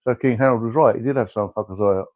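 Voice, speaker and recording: A man's voice: mid-range voice, very fast, dull audio. A man co-hosting a comedy podcast in casual chat, joking and laughing often. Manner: jokey, laughs often, playful. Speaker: podcast co-host.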